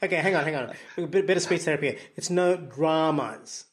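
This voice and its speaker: A man's voice: a little high, racing, a bit bright. A man with a mixed Australian and Indian accent, hosting a podcast in an upbeat, jokey, chatty way. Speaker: podcast host. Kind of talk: casual interview chat.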